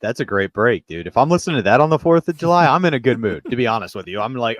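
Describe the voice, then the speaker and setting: A man's voice: medium pitch, very animated, fast talker, hardly any pauses, no room sound. A man co-hosting a podcast, trading dry jokes in casual chat. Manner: dry, joking. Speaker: podcast co-host.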